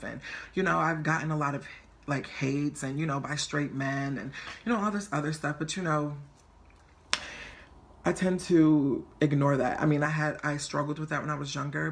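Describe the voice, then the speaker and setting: A man in his twenties telling a personal story on his vlog in a chatty, flamboyant and animated way. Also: fairly high pitch, gravelly. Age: 20s. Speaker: vlogger.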